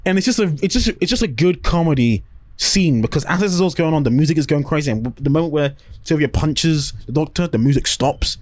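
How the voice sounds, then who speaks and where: A man co-hosting a casual review podcast, swearing a lot and acting out scenes in shrill voices. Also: expressive, a little fast, darkish tone, dry recording. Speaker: podcast co-host.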